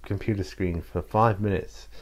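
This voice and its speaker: Guy doing a naggy yorkshire dad, gruff and low, telling the kid off. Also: steady tone, moderate pace, close to an everyday voice. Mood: nagging. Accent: put-on Yorkshire. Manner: stern, nagging. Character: gruff Yorkshire dad scolding his son.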